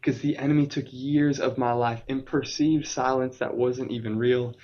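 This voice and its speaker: A young man in his late twenties gives a heartfelt personal testimony as a podcast guest, pressing hard on key words. His voice sits in an ordinary male pitch. The recording sounds a little dull and lo-fi. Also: steady tone, normal speed, a little mellow. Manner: earnest, emphatic, vivid retelling.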